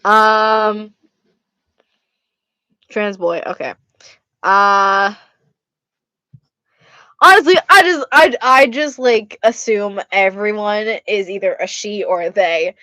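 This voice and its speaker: A woman's voice: medium pitch, slow pace, pauses often, bright, forceful tone, no echo. A young woman vlogger answering fan questions in a casual way, blunt, laughing often and swearing freely. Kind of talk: casual Q&A vlog.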